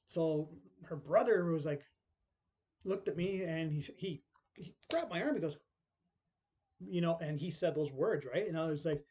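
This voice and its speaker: A man's voice: fairly high pitch, measured pace, long pauses, darkish tone. A middle-aged man telling a personal story in casual, rambling speech, full of tag questions and acted-out quotes.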